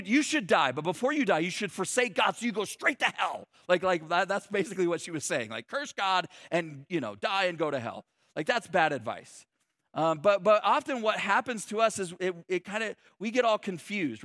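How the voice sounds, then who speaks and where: Guy preaching real casual, lots of "like", kinda high voice, dead dry sound. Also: a bit bright, no echo. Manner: conversational and humorous, many restarts and "like". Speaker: pastor. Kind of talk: sermon.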